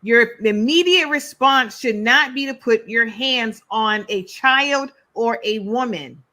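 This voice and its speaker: A woman's voice: fairly high pitch, slow pace, sharp tone. A woman on a debate panel, lecturing in an exasperated way about leadership.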